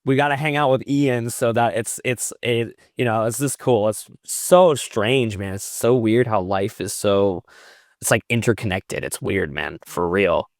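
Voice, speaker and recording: Slightly slow and on the low side, the metal vocalist tells long tales as a podcast guest in easygoing video-call conversation. He plays out quoted dialogue and swears often. The studio-quality recording has no room sound.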